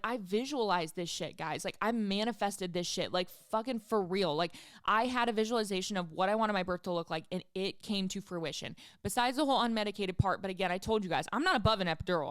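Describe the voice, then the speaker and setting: A woman's voice: mid-range voice, dry recording, clean studio sound. A woman in her thirties hosting a podcast, telling a personal story in a candid, emphatic way and swearing freely. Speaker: podcast host. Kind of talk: casual storytelling.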